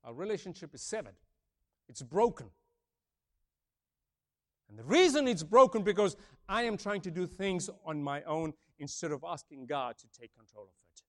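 A man's voice: sing-song, moderate pace, long pauses. Older man preaching with big swings. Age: older, over fifty. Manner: swings between booming emphasis and hushed softness, repeats key phrases. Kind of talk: sermon.

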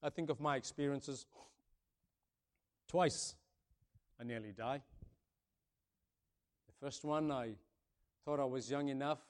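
A man over fifty from Africa preaching a sermon, booming on key points, then dropping low and soft, and repeating his phrases. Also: takes it slowly, pauses often. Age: older, over fifty. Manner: swings between booming emphasis and hushed softness, repeats key phrases.

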